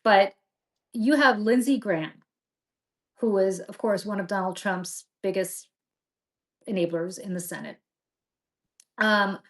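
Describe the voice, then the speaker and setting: A middle-aged woman hosting a political talk show, talking with passion and indignation and often restarting her sentences. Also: medium pitch. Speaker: podcast host.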